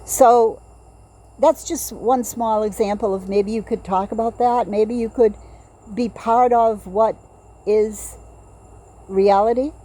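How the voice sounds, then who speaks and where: An older woman with a mellow, fairly high voice and fairly even intonation delivers a casual monologue outdoors at night as a vlogger. She rambles through personal stories, digressing and pausing, while crickets chirp in the background.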